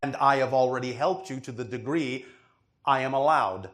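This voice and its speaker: A man's voice: medium pitch, normal speed, fairly bright tone. A man giving a channeled spiritual teaching to a questioner, with an emphatic, didactic delivery and frequent checks that he is understood. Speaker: spiritual speaker answering a questioner.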